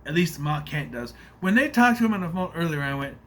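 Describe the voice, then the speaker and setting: Guy doing a rambly movie review rant, kinda high bright voice, swings up and down a lot, annoyed nitpicks. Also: big pitch swings, fairly quick, few pauses, slight background noise. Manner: exasperated, nitpicking, rambling with many fillers. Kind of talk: casual spoiler review rant.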